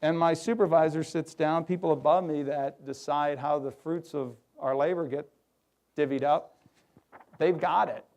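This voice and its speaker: Middle-aged man, workshop speaker, animated delivery, slightly high voice, quotes others in voices. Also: moderate pace. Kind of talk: lively workshop talk to an audience. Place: hotel conference room.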